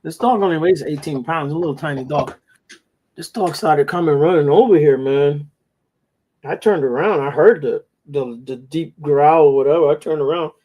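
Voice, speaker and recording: A man's voice: fairly high pitch, moderate pace, mellow, low-quality recording. A man hosting a casual talk show, telling long rambling stories with plenty of swearing. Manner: rambling, profane storytelling. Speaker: podcast host. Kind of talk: casual chat.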